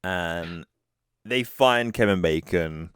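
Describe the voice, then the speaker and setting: A man's voice: low voice, slow pace, fairly bright tone, smooth, no echo, clean studio sound. A man co-hosting a casual podcast, retelling movie scenes and acting out lines. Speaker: podcast co-host. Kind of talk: casual film review chat.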